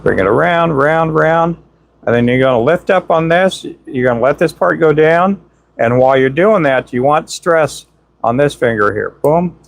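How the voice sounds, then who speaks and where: A man hosting a casual livestream, chatting with viewers and demonstrating how to tie knots, saying "boom" as he works. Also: animated, moderate pace, creaky, no room sound. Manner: talks while working with hands, says "boom" often. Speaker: livestream host teaching jig tying. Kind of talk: casual live-stream chat and tying demonstration.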